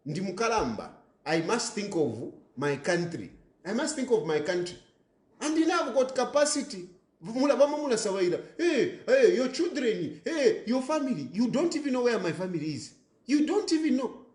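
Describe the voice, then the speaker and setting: A man's voice: high-pitched, a little mellow, reverberant. A man with a Zambian accent giving an impassioned political monologue from a rented apartment, repeating his points, switching between languages and breaking into laughter. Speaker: political commentator.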